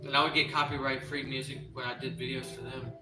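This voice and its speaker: A man's voice: mid-range voice, level tone, fast, far from the mic. A man hosting a casual livestream, rambling and restarting often as he reads search results aloud. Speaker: livestream host. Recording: echoey room, off-mic, faint music.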